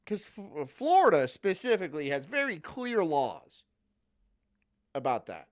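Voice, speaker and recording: A man's voice: on the high side, sing-song, a little slow. A man streaming, chatting casually in profane, rambling rants. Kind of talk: casual chat.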